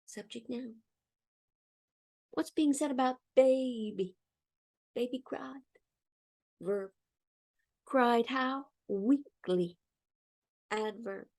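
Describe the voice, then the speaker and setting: Slow, patient woman teaching grammar. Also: a little high, a little mellow. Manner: patient, drills question-and-answer chants. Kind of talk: grammar lesson for children.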